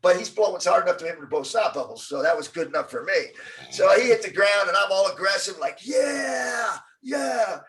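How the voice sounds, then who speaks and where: A middle-aged man telling a story as an interview guest, acting out the quotes with lively energy. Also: sits high, quick pace, recorded from a distance, rough recording. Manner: animated storyteller, acts out quotes.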